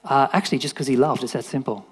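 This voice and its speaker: Animated man preaching casually. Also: mid-range voice, fast talker, slightly rough, in a large hall. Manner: animated, acts out voices, rises to shouts. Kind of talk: casual sermon.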